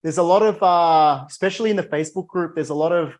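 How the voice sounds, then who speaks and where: Laid-back host saying dude. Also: male voice, on the high side, fast. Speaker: podcast host. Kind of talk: casual interview chat.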